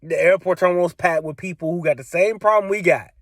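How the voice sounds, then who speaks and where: A man's voice: high voice, quick pace, no room sound. A young man telling a story in a casual, exasperated way, repeating himself for emphasis. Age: young adult. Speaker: vlogger.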